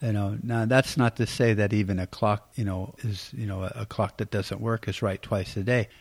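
Middle-aged american guy, low voice, rambling blunt podcast rant, swears a lot. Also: fairly even intonation, normal speed. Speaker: podcast host. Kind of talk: casual political commentary.

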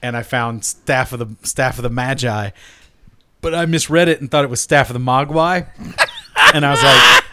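Bright-voiced man telling a profane story. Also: mid-range voice, brisk, smooth. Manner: profane, animated storyteller who laughs often. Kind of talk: casual storytelling chat.

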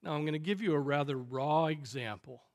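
A male pastor preaching a sermon, emphatic, piling up phrases and swinging in loudness. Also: fairly high pitch, fairly quick. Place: church sanctuary.

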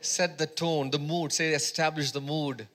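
Bright-voiced man preaching call-and-response. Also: a little high, flat delivery, moderate pace. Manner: call-and-response, asks congregation to repeat words. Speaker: pastor. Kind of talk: sermon. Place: church service.

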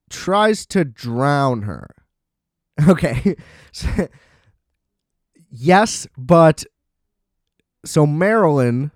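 A man's voice: medium pitch, a little mellow, dry recording, clean studio sound. A young man giving a casual, sarcastic movie recap, swearing and laughing often.

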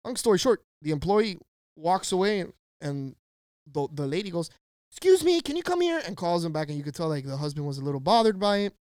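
A man's voice: a little high, fast, clean tone, no echo, studio quality. A man co-hosting a podcast, telling a story in casual chat with lots of slang and swearing, acting out the people he quotes. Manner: animated, slangy, profane, acts out quoted voices. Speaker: podcast co-host.

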